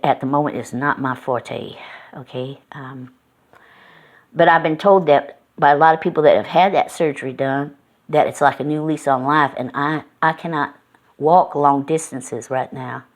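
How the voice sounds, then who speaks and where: A woman's voice: low-pitched, steady tone, normal speed. A middle-aged woman vlogging from home, telling a folksy, meandering story full of fillers. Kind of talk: casual rambling storytelling.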